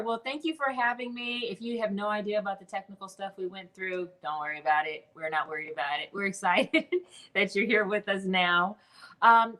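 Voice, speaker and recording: A woman in her forties, a guest on a video-call interview, talking in an animated, expressive way. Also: medium pitch, rough recording. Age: 40s. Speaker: guest, business mentor. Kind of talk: interview conversation.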